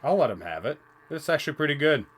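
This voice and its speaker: A man's voice: fairly high pitch, very animated, quick pace, fairly bright tone, slightly rough. A man co-hosting a casual toy review, chiming in with teasing, dry banter. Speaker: co-host.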